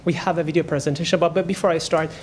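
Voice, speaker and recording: A man addressing a city council as a festival delegate at a podium microphone, in halting, polite, non-fluent phrasing. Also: a little high, steady tone, a little hiss or hum. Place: council chamber.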